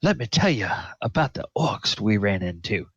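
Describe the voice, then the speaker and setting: A man voicing a frantic male con man who wails in a high, theatrical voice. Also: sing-song, normal speed, fairly bright tone, slightly rough, no room sound, heavily acted. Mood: flustered. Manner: high wailing moans and feigned panic. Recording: dull lo-fi audio.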